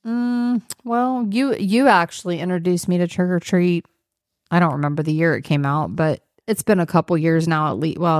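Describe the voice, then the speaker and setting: A woman's voice: fairly low pitch, clean tone, dry recording, clean studio sound. A woman guesting on a casual podcast, wry and defensive, laughing often. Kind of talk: casual chat.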